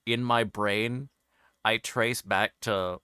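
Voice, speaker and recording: A man's voice: fairly low pitch, fairly even intonation, slow, sharp tone, clean tone, no room sound, studio quality. A man hosting an interview show in casual livestream chat, rambling through meandering explanations.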